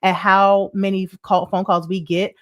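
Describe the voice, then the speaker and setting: A woman's voice: mid-range voice, level tone, measured pace. A woman hosting a money show, telling a story in a chatty, repetitive way and reading out viewer comments. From United States. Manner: chatty storyteller, repeats points, asks "right?" often; reads viewer comments aloud. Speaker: show host. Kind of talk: casual livestream money talk.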